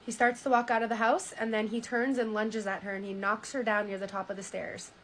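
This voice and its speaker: A woman streamer reacting live, reading a story aloud with stunned, animated asides. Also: medium pitch, a little fast, slight background noise, low-quality recording.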